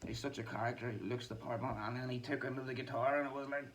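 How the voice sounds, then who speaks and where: A man's voice: mid-range voice, steady tone, fast talker, far from the mic, poor audio. A chatty man rambles through a casual monologue, swearing freely and laughing between thoughts. He sits a little back from the mic, with a faint hum of ambient noise around him. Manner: chatty, swears a lot, laughs often, trails off.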